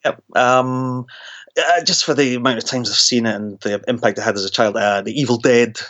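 A man's voice: medium pitch, steady tone, normal speed, a bit bright. Stammering man, dull remote audio. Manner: stammering restarts, self-deprecating laughs. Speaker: horror author, guest. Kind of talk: casual interview chat.

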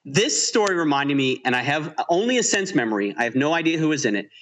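A man's voice: a little high, very animated, fast, a bit bright, slight background noise. A man co-hosting a podcast, animatedly retelling a film's scenes in casual chat and laughing often. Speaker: podcast co-host. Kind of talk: casual movie-review chat.

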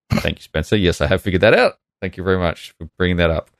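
A man's voice: sits low, fast, vocal fry, no room sound, studio quality. A man co-hosting a casual gaming podcast, chatting and reading listener emails aloud. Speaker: podcast co-host. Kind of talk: casual chat.

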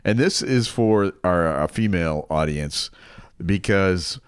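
A man's voice: low-pitched, lively intonation, takes it slowly, clean tone, no room sound, clean studio sound. A man co-hosting a casual chat, easygoing and agreeable. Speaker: podcast co-host.

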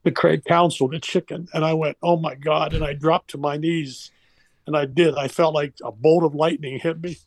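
A man's voice: fairly high pitch, steady tone, moderate pace, no room sound. An older man and former baseball coach, telling a personal story in a heartfelt, rambling way with restarts.

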